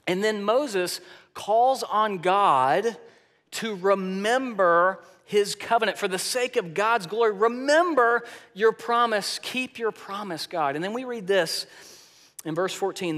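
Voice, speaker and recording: Animated guy preaching a sermon, high voice, big reverby hall. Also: measured pace. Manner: animated storytelling preacher with lively swings in pitch and loudness. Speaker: pastor.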